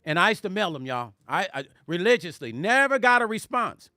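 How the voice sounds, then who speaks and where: A middle-aged man and musician who hosts a livestream, telling stories in an animated way, speaking straight to his viewers and reading their comments aloud. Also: high-pitched, a little fast, no echo, clean studio sound. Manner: animated, addresses viewers directly, reads chat aloud. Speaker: musician and vlog host. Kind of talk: casual storytelling livestream.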